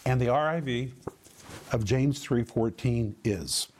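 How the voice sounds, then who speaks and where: A man teaching from scripture in a sermon, emphatic, repeating key words and slowing down to stress them. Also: medium pitch, darkish tone. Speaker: Bible teacher.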